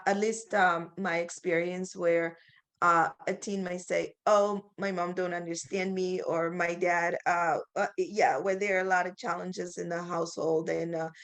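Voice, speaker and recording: Hesitant low-voiced woman on a call. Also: flat delivery, normal speed. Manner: hesitant, with many restarts and fillers. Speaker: webinar participant. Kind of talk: casual webinar discussion. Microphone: video call.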